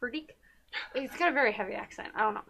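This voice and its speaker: A woman's voice: mid-range voice, expressive, racing, gravelly, pushed and bright. A woman co-hosting a TV talk show, chatting casually and gushing about a documentary, with many fillers. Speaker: podcast co-host.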